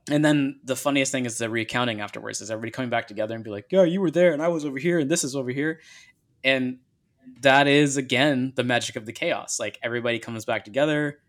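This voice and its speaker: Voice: mid-range voice, a bit bright. A podcast host in casual chat who shares stories and acts out quoted dialogue.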